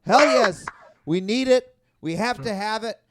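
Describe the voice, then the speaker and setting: A man's voice: sits high, measured pace, heavy background noise. A man hosting a live stand-up comedy show, rambling and self-deprecating, often laughing at his own jokes. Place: live comedy venue with audience.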